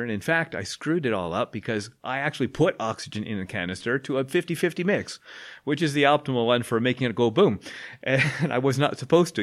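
Guy telling a funny classroom story, keeps laughing, middle pitch. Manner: laughs often while telling stories. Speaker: guest, math education professor. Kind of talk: storytelling in a podcast interview. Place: radio studio.

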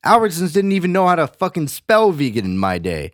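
A man voicing a foul-mouthed veteran vegan who scornfully rants at newcomers, in a higher, mocking voice. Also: huge pitch swings, a little fast, dry recording, studio quality. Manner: profane, mocking rant.

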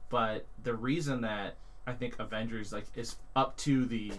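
A man's voice: mid-range voice, fairly even intonation, moderate pace. A man co-hosting a podcast in casual chat, musing thoughtfully aloud. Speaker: podcast co-host.

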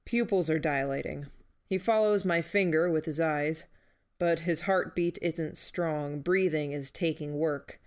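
A woman's voice: deep voice, unhurried, clean tone. A woman voicing a stern, matter-of-fact male field medic who reports injuries in clipped, clinical phrases.

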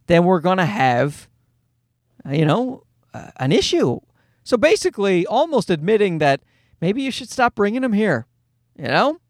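A man's voice: high-pitched, no room sound, studio quality. A man, telling a personal story in a heated, casual ranting way. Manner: heated, ranting, quotes others in his own voice.

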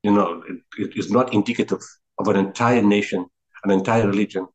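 A middle-aged man with a South African accent, the founder of a relief organization, appears as an interview guest telling reflective stories. His voice is on the low side with fairly even intonation and a slightly fast pace, recorded roughly; he is earnest, repeating words for emphasis and often restarting sentences.

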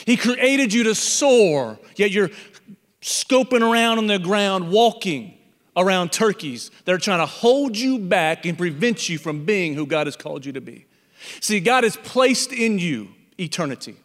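A man's voice: high voice, animated, a little slow, long reverb tail. A man preaching a sermon, telling a parable as a pastor and acting out the animal characters in it.

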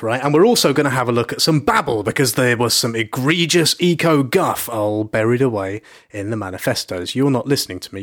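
A man co-hosting a podcast, teasing his partner in casual chat with excitable bursts. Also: mid-range voice. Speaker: podcast co-host.

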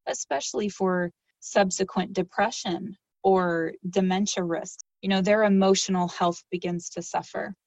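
A woman audiologist answering interview questions, explaining hearing care in a calm, informative way. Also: medium pitch, no echo, highs cut off.

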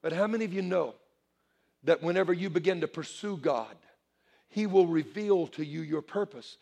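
A male pastor preaching a sermon to a congregation in church, animated and building to shouted calls for response. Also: fairly high pitch, normal speed, gravelly.

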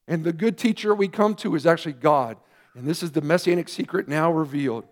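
A man, a pastor, preaching a sermon earnestly, with emphatic rising questions and quieter asides. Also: a little high, brisk.

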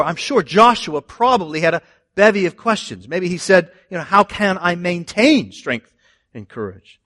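In a church, a male pastor delivers an animated sermon, his high voice climbing and growing louder whenever he quotes scripture. He tosses quick asides to the congregation along the way.

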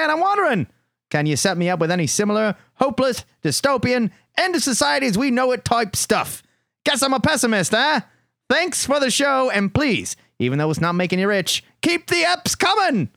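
Man doing a rowdy Aussie bloke reading his own letter, mock Australian accent, high and bouncy. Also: big pitch swings, brisk, vocal fry, dry recording, studio quality, full character voice. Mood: boisterous. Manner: over-the-top, high and loud. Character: excitable Australian male listener writing in.

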